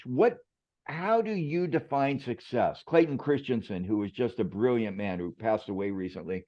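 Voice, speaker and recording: A man's voice: medium pitch, lively intonation, moderate pace, dull audio. A man who is a management expert, a guest on a podcast, telling reflective stories in a conversational way. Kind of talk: conversational storytelling.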